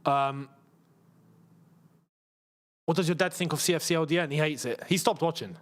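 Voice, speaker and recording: A man's voice: on the high side, normal speed. A young English man hosting a football watchalong, chatting casually with viewers and explaining things at length with lots of fillers. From England. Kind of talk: casual live-stream chat and commentary.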